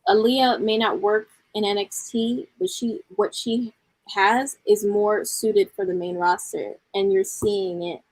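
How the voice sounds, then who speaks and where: A woman's voice: mid-range voice, steady tone, measured pace, a little mellow, no echo, rough recording. A woman co-hosting a casual wrestling podcast, making confident, analytical points and teasing her co-host. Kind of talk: casual wrestling review chat.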